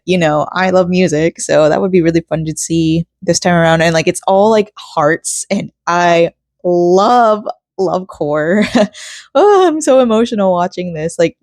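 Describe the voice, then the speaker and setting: A woman's voice: lowish voice, darkish tone, dry recording, clean studio sound. A young woman chatting casually while crafting at home, rambling and emotional, with frequent laughs. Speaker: crafting vlogger. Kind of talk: casual rambling vlog chat.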